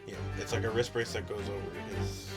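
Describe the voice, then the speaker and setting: A man's voice: fairly low pitch, steady tone, brisk. A man chatting casually while streaming a game, restarting his sentences, with game music behind. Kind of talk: casual let's-play chat.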